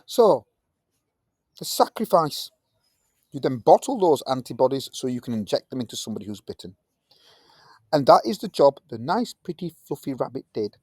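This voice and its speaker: Male science teacher, playful in class. Husky, dry voice. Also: big pitch swings, normal speed, pauses often, darkish tone, dry recording. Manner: playful, jumping into high silly voices to act things out. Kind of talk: classroom lesson.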